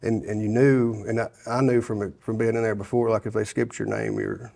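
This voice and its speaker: A man with a low-ish, gravelly, mellow voice speaks in a level tone at a moderate pace. He's from Sevier County, Tennessee, a guest sharing his testimony by telling his life story in a casual interview, full of rambling, restarts and quotes from people he met.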